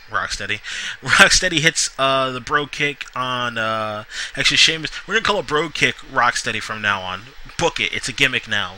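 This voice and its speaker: Rambling guy reviewing wrestling, super bright voice, chatty and all over the place. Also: mid-range voice, a little hiss or hum, low-quality recording. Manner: rambling, lots of fillers and restarts. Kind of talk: casual solo review vlog.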